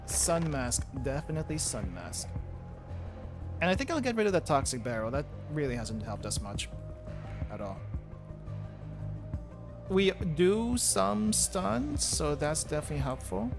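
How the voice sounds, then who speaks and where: A young man streaming a video game, thinking aloud and reading item text in a halting, casual way. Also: fairly high pitch, sing-song, vocal fry. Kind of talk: casual gameplay commentary. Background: game music.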